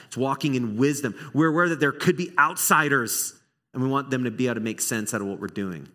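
Bright-voiced pastor preaching conversationally. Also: male voice, mid-range voice. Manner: animated, conversational, acts out small dialogues. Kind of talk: sermon. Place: church sanctuary.

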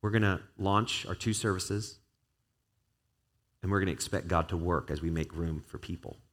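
Low-voiced man preaching a casual sermon. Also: moderate pace, a bit bright. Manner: earnest, conversational preaching with prayer. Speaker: pastor.

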